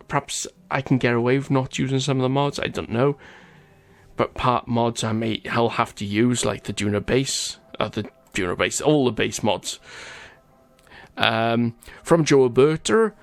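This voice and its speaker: A man's voice: medium pitch, unhurried. A man hosting a gaming channel, chatting casually over gameplay as he reads out viewer comments, often stumbling over names and laughing.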